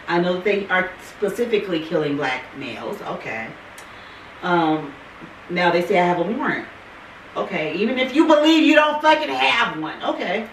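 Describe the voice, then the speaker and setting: A woman's voice: mid-range voice, animated, normal speed. A woman with a Californian accent ranting in a casual chat, swearing hard and repeating herself for emphasis. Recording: roomy, from far off, faint noise.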